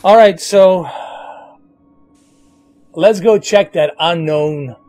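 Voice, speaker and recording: A man's voice: high-pitched, very slow, a little mellow, dry recording, soft background music. A man with a New York accent giving casual live commentary on a game to his viewers. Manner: casual, chatty, addresses viewers. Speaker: streamer.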